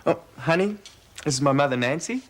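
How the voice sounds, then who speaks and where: A man's voice: a little high, expressive, fairly quick, a bit bright, slight background noise. An actor playing an eager young man, introducing his new wife to his mother in a soap drama. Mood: cheerful. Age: young adult. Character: cheerful young husband visiting his mother.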